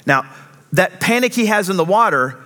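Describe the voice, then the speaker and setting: A man preaching a sermon in an earnest, emphatic way, slowing down on key phrases. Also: sits high, lively intonation, sharp tone. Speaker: pastor.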